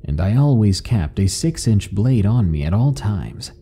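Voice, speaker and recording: A man narrating a horror story in a calm, measured, ominous delivery. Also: on the low side, slightly rough. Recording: faint background music.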